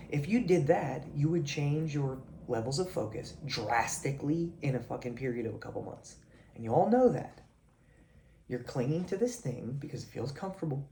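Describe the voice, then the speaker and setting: A man's voice: medium pitch, lively intonation, normal speed, mellow, slight background noise. A man delivering a blunt, profane motivational rant straight at his viewers. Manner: blunt, swearing, confrontational. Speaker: video creator. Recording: echoey room.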